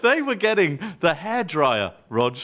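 A man co-hosting a casual football podcast, telling animated, teasing stories. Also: a little high, a little slow. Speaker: podcast co-host.

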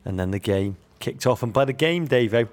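A man's voice: mid-range voice, animated, a little fast. A man co-hosting a football podcast, with a dry, wry way of talking and a relish for phrasing. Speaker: podcast co-host. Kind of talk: comedic football podcast chat.

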